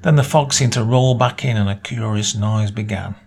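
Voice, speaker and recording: A man reading a short story aloud as narrator, in a measured storytelling manner. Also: darkish tone. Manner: measured storytelling, voices dialogue with small pitch lifts.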